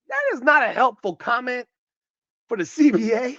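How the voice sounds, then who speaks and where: A man's voice: very high voice, normal speed, sharp tone, no room sound, muffled recording. A man hosting a podcast, giving casual, profane and incredulous commentary. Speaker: podcast host.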